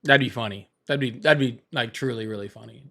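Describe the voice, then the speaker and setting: A man's voice: medium pitch, fairly quick, pushed and bright. A man hosting a casual livestream, rambling, repeating himself and laughing often. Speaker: livestream host.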